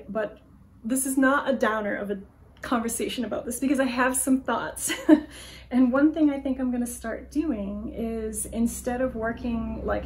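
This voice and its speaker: A woman's voice: fairly high pitch, a little mellow, slight background noise. A woman talking casually to her viewers about her stitching, thinking aloud with fillers and small laughs. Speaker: craft vlogger. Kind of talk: casual chat to camera.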